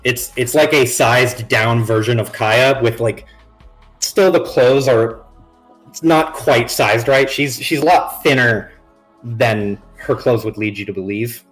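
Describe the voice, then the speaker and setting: A man's voice: medium pitch, slow pace. Rambling game master man, faint music. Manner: loose, rambling description full of "like" and restarts. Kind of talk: narrating a tabletop game on a live stream.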